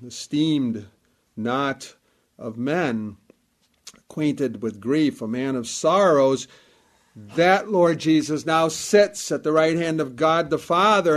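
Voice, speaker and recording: A man with a voice on the high side preaches a sermon in a measured, emphatic manner, repeating key phrases to give them weight.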